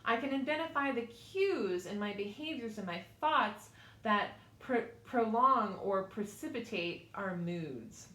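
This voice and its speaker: A woman's voice: medium pitch, lively intonation, measured pace, sharp tone, roomy sound. A woman instructor giving an online class lecture from a small studio, talking informally with fillers, personal asides and little laughs.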